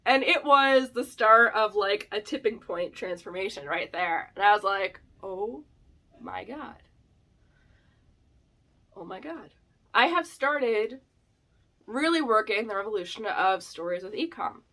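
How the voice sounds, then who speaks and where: A woman's voice: medium pitch, moderate pace. A woman in her thirties hosting a vlog, telling a story casually with many fillers and laughs. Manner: animated, filler-heavy, laughs often. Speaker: vlog host.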